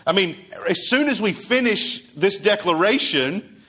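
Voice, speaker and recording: A man preaching a sermon, his voice sitting a little high for a man. He talks to his congregation casually, asking them questions and answering them himself. Now and then he acts out quoted dialogue. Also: lively intonation, a little slow, sharp tone, breathy edge. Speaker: pastor.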